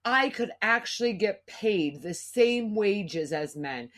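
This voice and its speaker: A woman's voice: mid-range voice, expressive, takes it slowly. A middle-aged woman hosting a podcast, talking in an emotional, rambling way and swearing freely. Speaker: podcast host. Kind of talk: casual podcast conversation.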